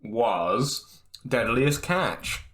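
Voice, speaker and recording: Man, bright forceful voice, casual podcast chat, hesitant, stops and restarts. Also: mid-range voice, very animated, extremely slow. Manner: hesitant, lots of fillers and restarts. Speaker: podcast co-host reviewing an album.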